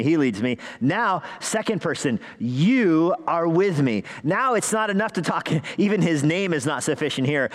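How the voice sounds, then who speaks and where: Preacher with a long hall reverb. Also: male voice, on the high side. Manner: rhetorical questions, rising emphasis. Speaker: pastor. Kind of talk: sermon. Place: church sanctuary.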